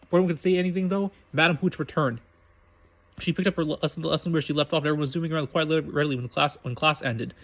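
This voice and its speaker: Male amateur reader, quick, stumbling and self-correcting narration. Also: on the high side, fairly even intonation, fairly bright tone. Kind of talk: reading fan fiction aloud.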